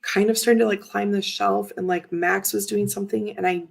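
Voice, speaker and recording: A woman's voice: medium pitch, fairly even intonation, fairly quick, creaky, low-quality recording. A woman in her thirties hosting a casual chat while showing tarot cards, talking in a rambling, chatty way with lots of fillers. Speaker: tarot reader and livestream host.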